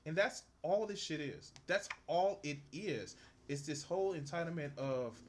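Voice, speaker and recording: A man's voice: on the high side, a little slow, few pauses. A young man streaming as he draws, reacting to a video with profane, exasperated ranting. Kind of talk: casual reaction commentary.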